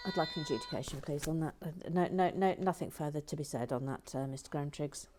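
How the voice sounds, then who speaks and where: A middle-aged woman chatting wryly as she builds and reads out viewer comments, often dropping into soft, half-whispered muttering. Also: low-pitched, quick pace, music in the background. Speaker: LEGO building channel host.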